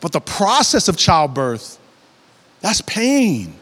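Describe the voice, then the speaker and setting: A man with a notably high voice preaches a sermon, climbing into high, animated passages as he makes his points. His voice carries a long hall reverb around it. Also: slow pace. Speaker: pastor.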